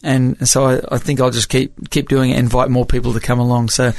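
Here a music evangelist, a middle-aged Australian man from Papua New Guinea whose accent carries a slight American tinge, chats through stories in an interview, laughing and restarting hesitantly. His mid-range voice is gravelly and a little mellow, a little fast with little pitch movement, in a dry recording.

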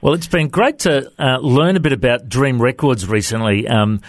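A man's voice: medium pitch, normal speed. An Australian man hosts the interview in a friendly, easygoing way, cracking small jokes and calling his guest "mate." He is recorded in a dry, close sound with no room echo. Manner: friendly, jokey, says "mate". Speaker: radio host. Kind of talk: interview hosting.

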